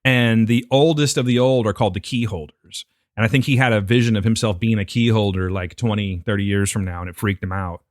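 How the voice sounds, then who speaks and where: A man's voice: lowish voice, fairly even intonation, fairly quick, no room sound. Wry man with a dry close sound. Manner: wry, joking, slips into impressions. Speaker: podcast co-host. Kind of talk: casual chat.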